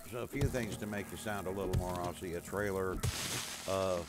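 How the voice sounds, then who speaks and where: An American man chatting casually while playing a survival game, talking to his dog and teammates and breaking into loud yelling. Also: low voice, a little fast. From USA. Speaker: gamer streaming a survival game. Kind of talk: casual gameplay chat.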